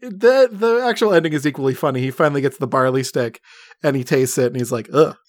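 A man's voice: mid-range voice, fast, dry recording. American man, dry casual podcast voice. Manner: emphatic, laughing, swearing. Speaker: podcast co-host. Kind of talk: casual chat.

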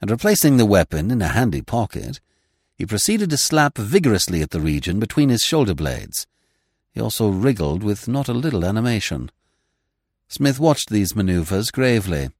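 A man reading a classic comic novel aloud in measured, expressive narration. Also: fairly low pitch, no echo, clean studio sound. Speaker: audiobook reader.

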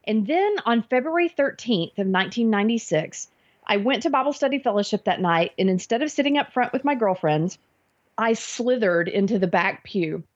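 A woman's voice: medium pitch, expressive, moderate pace. A woman guest in an interview, earnestly retelling a personal faith experience and acting out her own thoughts. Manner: earnest, vivid retelling with acted inner thoughts. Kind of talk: personal faith testimony storytelling. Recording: dull lo-fi audio.

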